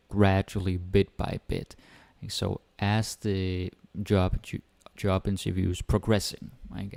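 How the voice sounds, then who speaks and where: A man with a Danish accent teaching a relaxed language lesson, explaining step by step and switching between English and Danish. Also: lowish voice, gravelly, no room sound.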